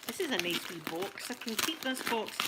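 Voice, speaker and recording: A Scottish woman chatting through a gift unboxing at home, gushing and laughing easily, slipping between soft near-whispers and excited exclamations. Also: on the high side, normal speed, very noisy. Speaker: ASMR vlogger. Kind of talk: casual unboxing chat.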